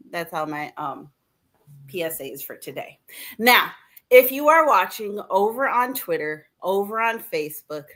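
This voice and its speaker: A woman's voice: mid-range voice, fairly bright tone. A woman hosting a podcast, chatting casually and bubbly, laughing often. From Midwest. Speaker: podcast host.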